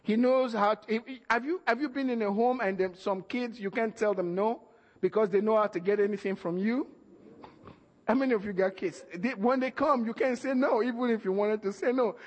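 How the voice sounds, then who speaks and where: A man preaching a sermon, calling out to the congregation and shouting at the peaks while acting out the voices he quotes. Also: sits high, a little fast. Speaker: pastor. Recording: church hall reverb.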